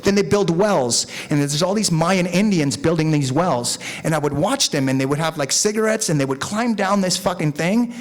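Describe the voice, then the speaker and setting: Man from Mexico, middle-aged, profane, rambling, animated storyteller, slightly high voice, recovery meeting talk. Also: moderate pace, hardly any pauses. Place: meeting room with audience.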